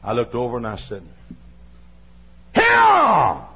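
Speaking at normal speed in a medium pitch with a breathy edge, an older Southern preacher tells a folksy tale, scolding his audience from time to time and breaking into shouts. The sermon recording is dull and lo-fi.

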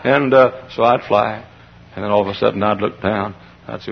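A man preaching a sermon as pastor, moving from quiet storytelling to shouted, high-pitched climaxes. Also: steady tone, moderate pace, gravelly, breathy edge. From Texas. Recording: dull, muffled lo-fi sermon recording.

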